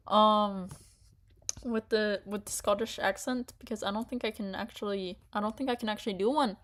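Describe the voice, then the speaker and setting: A woman's voice: mid-range voice, fairly even intonation, moderate pace. A young woman chatting casually and reading a story aloud, often restarting her words. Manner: stumbling, restarting, giggly.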